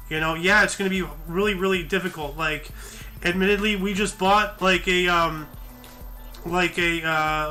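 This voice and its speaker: A man's voice: sits high, bright, forceful tone. Tired, rambling male news-show host. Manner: rambling, with many fillers and self-corrections. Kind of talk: casual news commentary, reading articles aloud.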